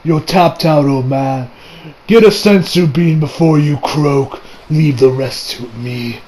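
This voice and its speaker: A man's voice: a little high, slow pace, dark tone, slight background noise, pitched below the performer's own voice. A man doing Vegeta, barking and scornful. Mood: gruff. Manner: barking, contemptuous. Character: proud angry male warrior prince.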